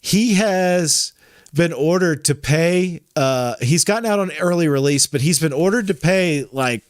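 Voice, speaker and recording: A man's voice: fairly high pitch, measured pace, dry recording, studio quality. A man hosting a podcast in casual chat, rambling with frequent restarts and self-corrections. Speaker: podcast host.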